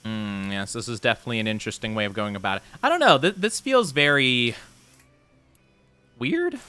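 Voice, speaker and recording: Playful, bright-voiced male game streamer. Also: lowish voice, lively intonation, quick pace, clear, resonant tone, soft background music. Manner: playful, flustered denials when chat teases. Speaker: VTuber streamer. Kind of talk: live gameplay stream commentary, reading chat.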